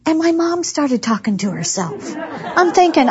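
A woman's voice: high voice, very animated, slow, long pauses, fairly bright tone, some chatter behind. A woman gives a humorous, chatty devotional talk to women, laughing often as she tells stories. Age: 60s. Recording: dull lo-fi recording.

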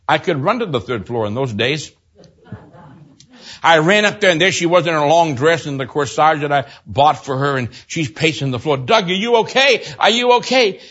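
Older male preacher, husky, dramatic loud-to-hushed delivery, muffled lo-fi recording. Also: expressive, moderate pace. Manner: dramatic swings from loud exclaiming to low hushed storytelling. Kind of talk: sermon with personal story.

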